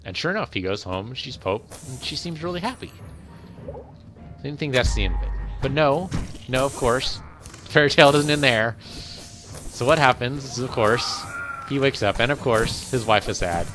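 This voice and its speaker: A man's voice: medium pitch, lively intonation, moderate pace, over music. A man hosting a game video, casually retelling a fairy tale in a rambling, conversational way. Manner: rambling, conversational, repeats phrases. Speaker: let's play host. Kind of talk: casual storytelling while playing.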